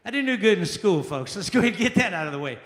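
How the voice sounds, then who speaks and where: A man from Charleston doing a loud, punchy stand-up set and working the crowd in a small jazz club. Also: sits high, very animated, rapid-fire. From Charleston, South Carolina. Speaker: stand-up comedian. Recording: echoey club room with long reverb.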